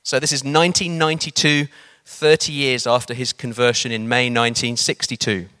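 Guy preaching a sermon, animated, tells stories, pace shifts around. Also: medium pitch, a little fast, clear, resonant tone. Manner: animated, varies pace for emphasis. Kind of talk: sermon with storytelling.

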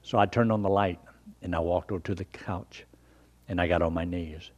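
An older man preaching a sermon and telling his own conversion story in an earnest, folksy way, swinging from loud emphasis down to hushed near-whispers. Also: low-pitched, fairly even intonation, normal speed, highs cut off. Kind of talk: sermon with personal testimony.

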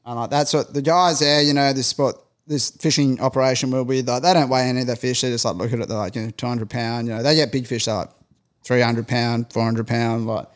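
A man's voice: mid-range voice, steady tone, a little fast. A man telling a long story in casual chat, rambling and peppering his talk with fillers. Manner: rambling, heavy use of filler "like".

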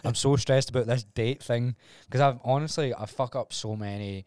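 A young Glaswegian man, a podcast guest, telling animated stories with plenty of swearing and laughter. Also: mid-range voice, normal speed, dry recording, studio quality. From Scotland. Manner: animated storyteller, swears freely, laughs often. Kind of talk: casual chat.

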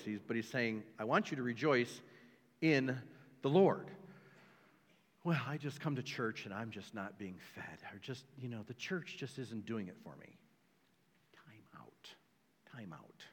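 A man's voice: medium pitch, fairly bright tone. Emphatic male pastor in a reverberant church. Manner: emphatic, joking asides, repeats phrases. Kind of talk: sermon. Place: church sanctuary. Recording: long hall reverb.

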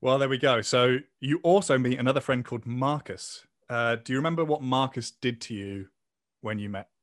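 A man hosts a relaxed podcast chat, teasing his guest and working through a list of memories. His voice sits at an everyday middle pitch. The sound is close and dry, with almost no room around it. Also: normal speed, no room sound. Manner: playful, reads out prompts and tells a joke. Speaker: podcast host.

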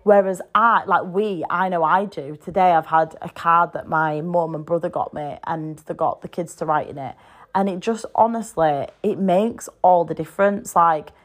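A woman's voice: fairly low pitch, moderate pace. A woman in her thirties with a British English accent, hosting a casual solo podcast from home, chatty and frank, swearing freely. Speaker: podcast host.

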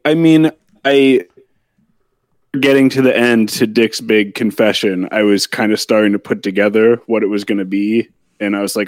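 A man co-hosting a podcast, chatting casually about a TV episode in a relaxed, candid, rambling way. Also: lowish voice, normal speed, dry recording. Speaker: podcast co-host. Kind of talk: casual TV episode review chat.

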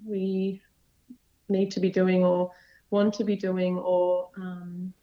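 Young adult woman, earnest, rambling, flat pitch, dull recording. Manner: earnest, rambling, quick bursts. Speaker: podcast guest. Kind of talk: casual faith conversation. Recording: dull lo-fi sound.

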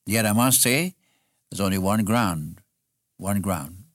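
A man's voice: on the low side, lively intonation, slow pace, no room sound, studio quality. A man preaching an expository sermon in an earnest way, repeating phrases for emphasis.

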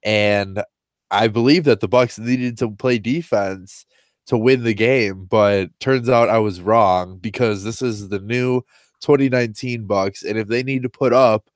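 A man's voice: lowish voice, unhurried, dry recording, studio quality. A man co-hosting a casual sports podcast, sounding nasal from a cold and talking with plenty of ums and uhs. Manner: chatty, with fillers like um and uh. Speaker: podcast co-host.

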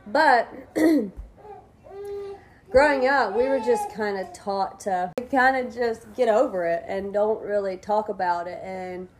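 A woman's voice: mid-range voice, slow. A woman in her twenties co-hosting a casual podcast, who laughs easily at her own jokes. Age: 20s. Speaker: podcast co-host. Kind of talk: casual chat.

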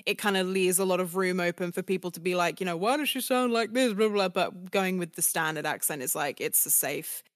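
A woman's voice: on the low side, steady tone, fairly quick, few pauses, dry recording. Woman in her late 20s, chatty and giggly, lots of likes and ums, dry close sound. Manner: chatty, giggly, full of fillers. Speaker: voice actor guest. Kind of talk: casual interview chat.

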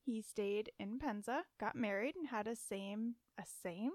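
Chatty giggly woman, higher voice. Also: a little slow, darkish tone, no echo. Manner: giggly, chatty, stumbles over names. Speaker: podcast co-host. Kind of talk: casual storytelling chat.

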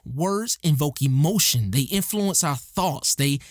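A man's voice: on the high side, expressive, unhurried, no room sound, studio quality. A man hosting a motivational podcast, talking earnestly and emphatically and repeating his key lines for effect. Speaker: podcast host.

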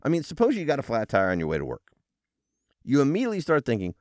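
A man hosting a solo motivational podcast, explaining ideas in an animated, coaching delivery. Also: medium pitch, fast talker, no echo, studio quality. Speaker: podcast host.

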